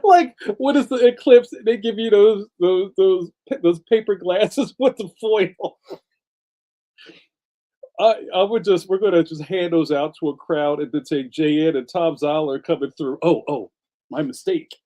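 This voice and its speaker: A man on a laid-back livestream with a slightly high voice that stays soft and mellow instead of bright. He rambles through stories in loose slang, breaks into laughs often, and chats back to viewer comments as he goes. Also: measured pace. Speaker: livestream host and cartoonist. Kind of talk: casual livestream chat reading comments.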